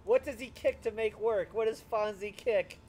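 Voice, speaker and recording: A man's voice: high voice, normal speed, a little mellow, low-quality recording. A man, a comedian, chatting casually with enthusiasm, swearing and laughing easily. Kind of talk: casual chat.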